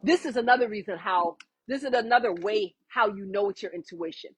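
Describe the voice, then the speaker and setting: A woman's voice: mid-range voice, a little fast, fairly bright tone, husky, rough recording. A woman teaching a yoga lesson, talking emphatically and with sass while she massages and foam rolls. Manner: emphatic, preachy, sassy teaching. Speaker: yoga instructor. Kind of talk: guided yoga lesson with talk.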